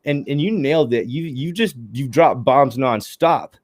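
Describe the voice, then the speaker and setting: A man's voice: mid-range voice, normal speed, a little mellow, no room sound. A man hosting a podcast in casual chat, enthusiastic and talkative, speaking straight to his listeners. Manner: enthusiastic, talkative, addresses listeners as guys and y'all. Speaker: podcast host.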